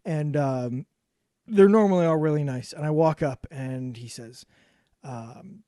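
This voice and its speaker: A man in his thirties co-hosts a relaxed podcast chat, telling stories with lots of energy. His voice sits a bit high and sounds dry and close to the mic. He swears freely and breaks into laughter often. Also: a little slow, dry recording. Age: 30s. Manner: animated storyteller, swears a lot, laughs often. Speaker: podcast co-host. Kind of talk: casual boozy podcast chat.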